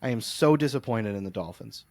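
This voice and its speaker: A man co-hosting a podcast, telling long, animated, rambling stories in casual sports chat. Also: mid-range voice, fairly quick, no echo. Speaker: podcast co-host. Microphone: close podcast mic.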